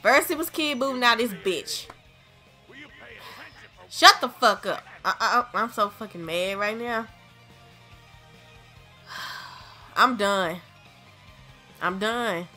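Young woman gaming host, bright and sharp-toned, swears constantly, exasperated commentary, faint music behind. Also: mid-range voice, animated, takes it slowly, long pauses. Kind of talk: frustrated gameplay commentary.

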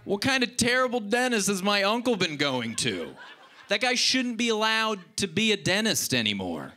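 Animated bright-voiced male stand-up comic. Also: moderate pace. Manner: animated storytelling, shouty high voices for quoted characters. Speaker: stand-up comedian. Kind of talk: stand-up comedy set.

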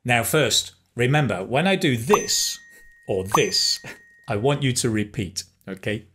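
A man teaching a beginner language lesson, speaking slowly and carefully and pausing so learners can repeat phrases. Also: medium pitch, animated, background noise. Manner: slow, careful, encouraging, pauses for repetition; switches between English and Spanish phrases. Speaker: Spanish teacher.

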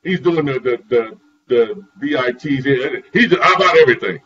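Man, guest on a caregiving talk show, animated storyteller, muffled and distant with crowd noise behind. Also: mid-range voice, normal speed. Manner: lively, laughing, acts out voices in anecdotes.

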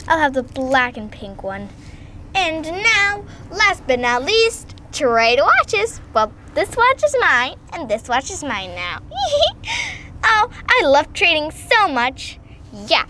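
A woman's voice: high-pitched, bright, forceful tone, slight background noise. A woman playing with dolls and unboxing toys, giggly and gushing, switching between doll voices. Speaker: doll-play video host.

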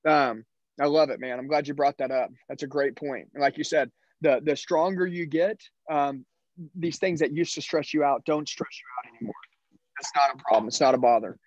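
A man coaching salespeople in an emphatic, punchy way, pressing each point home with a quick "okay?". His voice sits fairly high. The sound is dry and a little dull. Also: dry recording. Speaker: sales trainer. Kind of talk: motivational sales talk.

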